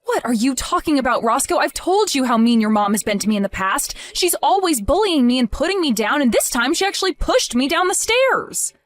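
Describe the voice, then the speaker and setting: A woman's voice: high-pitched, big pitch swings, brisk, few pauses, no room sound, soft background music. A woman voicing a grieving young wife in a text-message drama, pleading and then outraged. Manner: emotional, pleading, rising to outraged.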